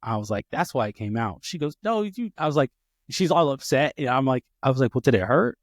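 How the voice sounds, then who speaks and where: A man hosts a podcast, talking fast in a medium-pitched voice with clean studio sound and no room echo. His casual chat rambles, full of restarts and fillers, and he acts out any dialogue he quotes.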